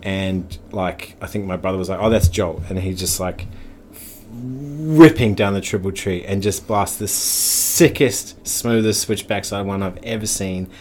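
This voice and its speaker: A man's voice: on the low side, a little slow. A man, a podcast guest in casual chat who swears often and laughs through his stories. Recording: faint background noise.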